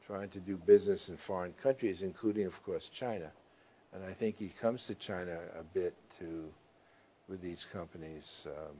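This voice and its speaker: Deep, halting older male journalist. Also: mellow. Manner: halting, with frequent fillers and restarts. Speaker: journalist being interviewed. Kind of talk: reflective interview answers.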